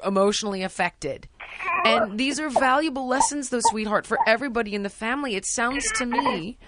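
A woman in her thirties hosting a call-in advice show, talking gently and soothingly to a caller she calls sweetie. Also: mid-range voice, background noise. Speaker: host.

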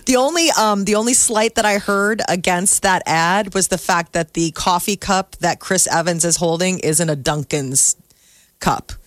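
Co-host for a morning show, mid-pitched, dry close mic, chatty and rambling. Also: normal speed, fairly bright tone, dry recording. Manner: chatty, explains at length with many fillers. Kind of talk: casual radio banter.

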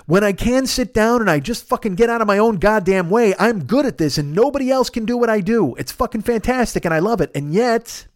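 A man's voice: sits high, lively intonation, fairly quick, hardly any pauses, no room sound. A man hosting a podcast, rambling through a profane, self-deprecating comedic monologue in a studio. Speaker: podcast host.

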